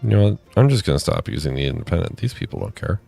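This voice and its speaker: A man with a very low voice chats casually while streaming a game, making dry jokes and rambling asides. He sounds tired, and faint music plays behind him. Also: big pitch swings, rapid-fire, gravelly, warm tone, husky. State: tired, yawning.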